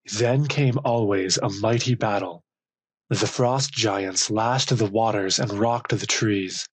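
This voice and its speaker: A man narrating an audiobook of old legends with slow, measured, deliberate phrasing. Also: fairly low pitch, no room sound, low-quality recording. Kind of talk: scripted storybook narration.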